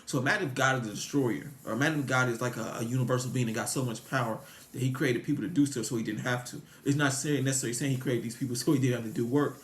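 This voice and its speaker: A man's voice: medium pitch, fairly even intonation, racing, roomy sound. A man, rambling about God to his viewers, full of restarts and rhetorical questions. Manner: meandering, repetitive, frequent restarts, rhetorical questions. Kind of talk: rambling religious musing to viewers.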